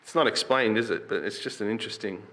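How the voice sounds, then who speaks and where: This preacher's voice is lowish, quick, pushed and bright. Keeping his sermon conversational, he asks his listeners questions and reads scripture with mounting emphasis.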